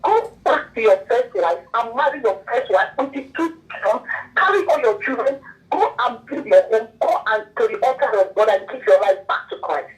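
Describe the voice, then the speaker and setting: A woman's voice: a little high, animated, normal speed, distant mic, rough recording. A woman from the UK calling a radio show, tearful and scolding in a preachy, religious way. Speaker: caller. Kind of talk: emotional phone-in call.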